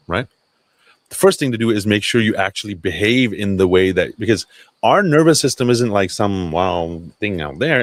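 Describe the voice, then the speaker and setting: A man with a low voice, recorded dry, hosts a casual livestream chat. He talks loosely, swearing and interrupting himself with restarts.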